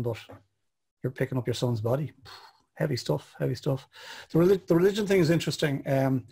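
An Irish man hosting an online interview, reflecting on what his guest said with many pauses and fillers. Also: mid-range voice, dark tone, slightly rough. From Ireland. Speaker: host. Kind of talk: conversational interview.

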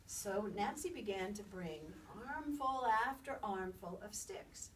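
A woman storyteller telling a folk tale aloud in an expressive, lilting way. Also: mid-range voice, slow pace. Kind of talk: oral storytelling. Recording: distant mic, faint background noise.

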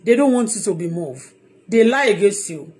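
A woman's voice: mid-range voice, expressive, moderate pace, darkish tone. A woman with a Nigerian accent giving an impassioned, heated monologue on her blog, emphatic and repeating herself. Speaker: online blogger.

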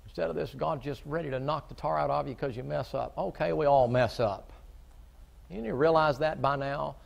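A middle-aged man preaching a folksy sermon, shifting from quiet storytelling to loud, fervent preaching. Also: on the high side, moderate pace, vocal fry.

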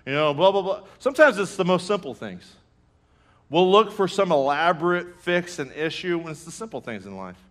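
A man, preaching a sermon with lively storytelling and acted-out reactions. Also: a little high, moderate pace. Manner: storytelling, animated, acts out his own reactions; laughs through jokes. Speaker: pastor.

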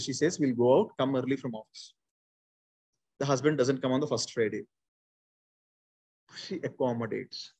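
A man in his forties with an Indian English accent leads a public speaking workshop, repeating his key points and calling on his listeners. His voice sits a little high and sounds husky. He talks in an animated, conversational way. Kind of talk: conversational training session.

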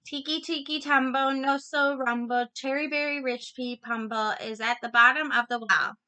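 An earnest little boy pleads in a rush, breathless and high, as a woman reading a storybook puts him on. The voice rings bright. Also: steady tone, normal speed. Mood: urgent.

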